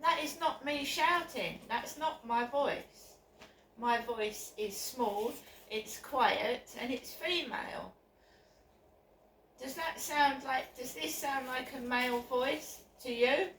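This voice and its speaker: Upset woman vlogging, high bright voice, slow talker, echoey and a bit far from the phone mic. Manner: upset, repetitive, insistent. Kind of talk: personal vlog monologue. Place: outdoors by her flats. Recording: echoey, off-mic with faint background noise.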